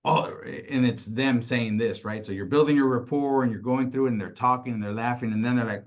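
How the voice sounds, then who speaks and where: A man leading a casual sales training, animated, laughing often and tagging nearly every point with "right?". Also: medium pitch, a little fast, few pauses. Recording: slightly dull lo-fi audio.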